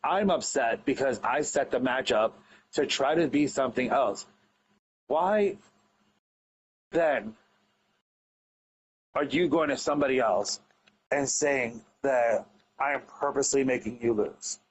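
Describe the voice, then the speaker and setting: A man's voice: medium pitch, a little slow, long pauses, muffled recording, a little hiss or hum. A man who runs an online wrestling league, talking casually and earnestly as a podcast guest, emphatic and rambling with restarts.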